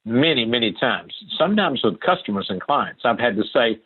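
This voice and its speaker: A man's voice: medium pitch, lively intonation, a little fast, hardly any pauses, husky, phone-quality sound. An older man from Appalachia, a guest answering interview questions in an earnest, emphatic way that repeats key phrases.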